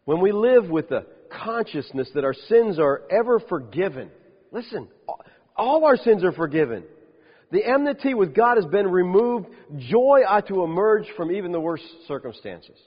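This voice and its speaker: Animated male preacher, husky voice, echoing hall. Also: high voice, moderate pace. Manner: animated preaching with rhetorical questions and wry asides. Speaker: pastor. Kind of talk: sermon. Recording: dull lo-fi sound with long reverb.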